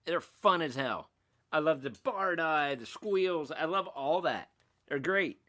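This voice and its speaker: A man's voice: a little high, lively intonation, takes it slowly, pushed and bright. A middle-aged man hosting a casual livestream, rambling and self-mocking as he reads out and answers chat comments. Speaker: livestream host.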